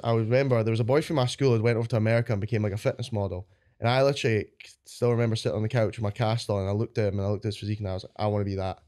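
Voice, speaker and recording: A man's voice: medium pitch, a little mellow. A young adult man with a Scottish accent, a guest on a podcast, telling stories in a chatty, rambling way and swearing freely. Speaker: guest powerlifter. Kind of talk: casual podcast chat.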